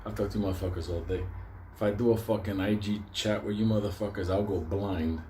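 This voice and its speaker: A man's voice: fairly low pitch, steady tone, a little fast, warm tone, a little hiss or hum. A man ranting casually to his viewers, swearing constantly, rambling and laughing often. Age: older. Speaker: stock market video host. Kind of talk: profane casual monologue to viewers.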